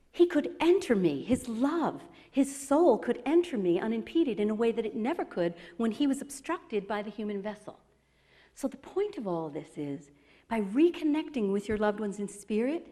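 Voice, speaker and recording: A woman's voice: mid-range voice, dark tone. A middle-aged woman, a relationship therapist, giving a motivational talk at an expo, telling emotional personal stories with self-deprecating humor and leading a guided meditation. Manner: leads a guided meditation in a slow, soothing voice. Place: large expo hall. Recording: long reverb in a large hall.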